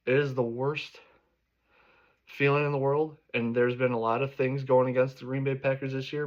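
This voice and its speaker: Angry man ranting, profane, dull recording. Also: medium pitch. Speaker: sports fan vlogger. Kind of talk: reaction rant.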